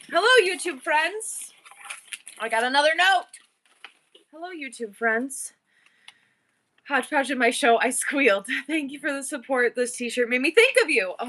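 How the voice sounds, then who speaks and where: A bubbly, talkative middle-aged woman hosts an online auction stream and keeps up a running chat with her viewers. Her voice sits high and sounds bright and forceful, with a little faint noise underneath. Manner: bubbly, chatty, with quick asides to chat.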